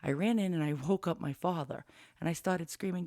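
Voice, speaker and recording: A woman's voice: lowish voice, brisk, dark tone, no echo. A woman in her fifties telling a personal story in a candid, rambling way, with blunt swearing, into a studio mic with a pop filter. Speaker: vlogger.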